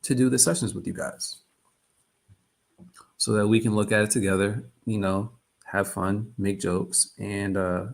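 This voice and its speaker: A man's voice: on the low side, level tone, a little slow, gravelly. A man hosting a live trading stream, chatting loosely and often repeating himself. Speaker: trading livestream host. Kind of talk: casual live-stream chat.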